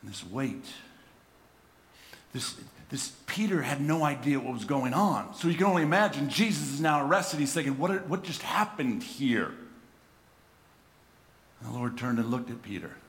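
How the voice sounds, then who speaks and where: A middle-aged man preaching a sermon, swinging from hushed reflection to loud, impassioned emphasis and often repeating words as he restarts phrases. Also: mid-range voice, expressive, fairly quick. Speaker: pastor.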